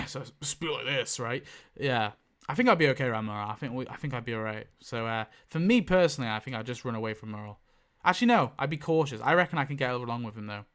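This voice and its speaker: Rambling, swearing young-sounding man. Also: fast. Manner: rambling, self-correcting, swears freely; animated pitch jumps for emphasis. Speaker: YouTube tier-list ranker. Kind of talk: casual off-the-cuff commentary.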